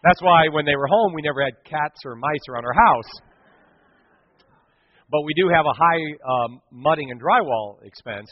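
A middle-aged man preaching a sermon, telling stories and swinging from hushed to loud. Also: a little high, animated, normal speed. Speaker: pastor. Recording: dull sound with long hall reverb.

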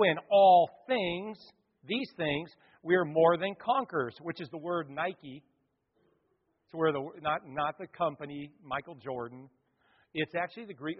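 A man preaching a sermon to a congregation, swinging between loud declarations and quiet asides. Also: a little high, husky, big-room sound, highs cut off. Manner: preaching with sudden loud swells and quiet drops. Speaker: pastor.

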